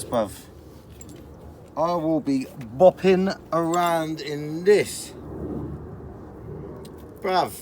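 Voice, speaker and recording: Excitable young vlogger man. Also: fairly high pitch. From England. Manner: slangy, excitable, animated. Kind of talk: casual vlog.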